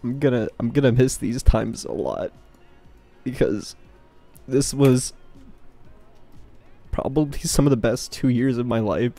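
A man's voice: mid-range voice, steady tone, unhurried, pauses often, warm tone, soft background music. A young man giving an emotional farewell to his gaming clan, stammering and choked up as he talks into a desk microphone.

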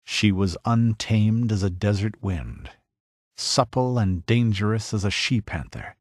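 Male audiobook narrator, deliberate and grave, unhurried, dry close sound. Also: fairly low pitch, animated, no room sound.

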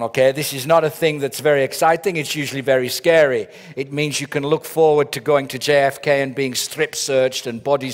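Joking middle-aged man in a reverberant hall. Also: mid-range voice. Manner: joking, storytelling with punchlines. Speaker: keynote speaker. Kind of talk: humorous conference keynote. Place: large conference hall. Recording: long reverb of a large hall.

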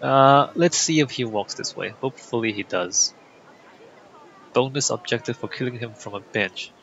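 Guy narrating his playthrough, bright sharp voice, bit muffled, game music under. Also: mid-range voice, moderate pace, vocal fry, a little hiss or hum. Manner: wry, chatty, thinking aloud. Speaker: gameplay commentator. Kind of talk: casual let's play commentary.

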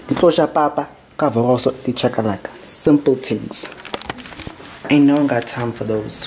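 A man's voice: mid-range voice, normal speed, vocal fry, a little mellow, a little hiss or hum. A young man chatting playfully in a casual home vlog, with lots of asides and fillers. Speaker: vlogger. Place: room at home.

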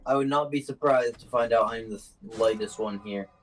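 A man's voice: medium pitch, normal speed. A young man streaming games, chatting casually with friends, teasing and easily confused. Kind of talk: casual chat while gaming on stream. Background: music.

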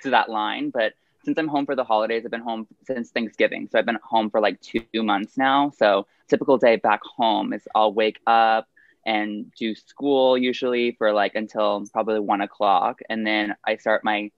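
A young man from Texas with a Southern Texan accent, chatting eagerly and fast as a podcast guest. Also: on the low side, steady tone, no echo, muffled recording. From Texas, USA. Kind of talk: casual podcast chat.

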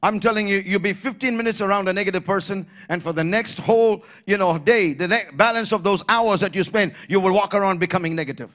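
Man preaching loud in church, really high bright voice, builds up to shouting. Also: quick pace, hardly any pauses. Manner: emphatic preaching, rising to shouts, call-and-response. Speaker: pastor. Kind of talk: sermon.

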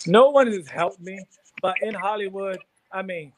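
A man in his fifties, a guest actor, telling a story in an animated, profane way, laughing as he goes. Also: sits high, normal speed, background noise. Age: 50s.

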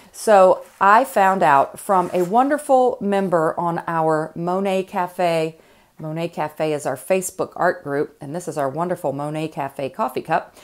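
A woman with a Southern drawl walks through an art demonstration in a relaxed, rambling way, pausing on fillers and restarting her sentences. Her voice sits a bit low for a woman. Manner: chatty, folksy, many fillers and restarts. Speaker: art instructor. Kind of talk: casual demonstration tutorial.

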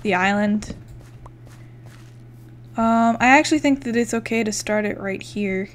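A woman's voice: mid-range voice, a little slow, a little hiss or hum. A young woman giving casual let's-play commentary, chatting, swearing freely and counting blocks aloud as she builds. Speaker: gaming YouTuber.

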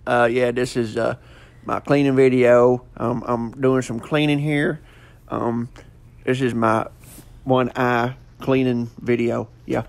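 A man's voice: medium pitch, little pitch movement, slow, gravelly. A man doing a goofy, rambling comic voiceover full of fillers. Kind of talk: joking mock voiceover.

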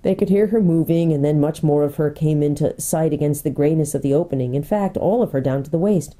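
Mellow-voiced woman reading a storybook. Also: deep voice, fairly quick. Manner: expressive storytelling. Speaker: pastor. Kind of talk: reading a children's book aloud.

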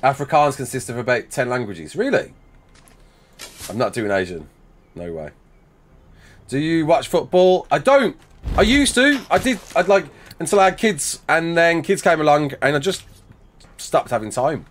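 A man in his thirties with a Black Country accent chats his way through a game livestream. He reads out chat, thanks donors as mate and son, and pokes fun at himself, his pitch rising and falling freely. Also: lively intonation, moderate pace, pauses often, slight background noise. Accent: Black Country English. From Black Country, England. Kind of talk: casual livestream chat reading donations and chat.

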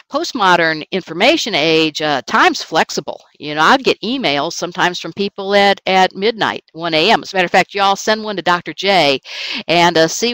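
Online lecturer, recorded presentation, informal asides, mid pitch, dry room. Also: sharp tone, no room sound, rough recording. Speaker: online course instructor.

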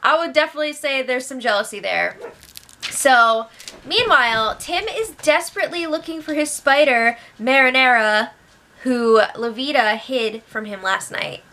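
A woman's voice: sits high, normal speed, pushed and bright. A young woman hosting a casual recap, chatty and gossipy with lots of fillers. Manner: chatty, gossipy, many fillers and acted quotes. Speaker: show recap host.

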